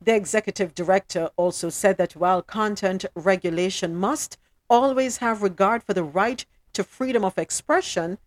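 A Jamaican woman talks through the news on a podcast, emphatic and animated, slipping into patois now and then. Her voice sits at an ordinary pitch. The recording is dry, with no room sound. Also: moderate pace, dry recording. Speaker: podcast co-host. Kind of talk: casual news commentary.

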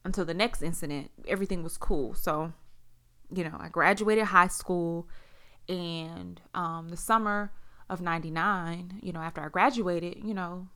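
At a moderate pace, her tone bright, forceful and clean, a Las Vegas-born woman in her forties recounts a personal story with blunt candor and plenty of swearing. She acts out what people said, jumping sharply in pitch for the quotes.

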